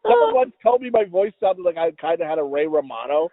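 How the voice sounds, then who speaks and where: A stuffy, mumbling man in his forties with a high, lively voice that jumps all over as he laughs and swears through casual chat. It comes over a tinny, phone-like line that sounds dry. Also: brisk, no echo. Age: 40s. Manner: laughs often, swears freely. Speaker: podcast co-host. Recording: tinny phone-like call audio.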